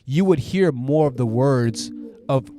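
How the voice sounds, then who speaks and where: This man chats casually on a live stream, reading viewer comments and wandering through explanations with plenty of fillers. His voice is mid-range, mellow, and unhurried. He records on a dynamic podcast mic through a preamp in a home room with hoodies hung up to absorb sound.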